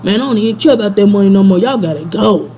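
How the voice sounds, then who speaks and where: A jealous, drunk young man who is fed up and wants everyone gone, as a woman retells his words. His talk is slangy and dismissive. The voice is mellow and soft-edged. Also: mid-range voice, expressive, rapid-fire, slight background noise, close to an everyday voice.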